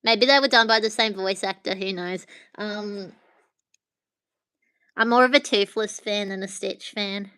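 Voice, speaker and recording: A woman's voice: medium pitch, measured pace, pauses often, bright, forceful tone, smooth, no echo. A woman hosting a casual livestream, chatting with viewers from her phone in a rambling way. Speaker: livestream host.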